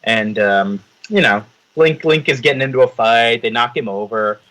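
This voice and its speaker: A man's voice: mid-range voice, normal speed. A man co-hosting a podcast, casually summarizing a comic with jokes. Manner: joking, lively summarizer. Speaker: podcast co-host. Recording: dull lo-fi sound.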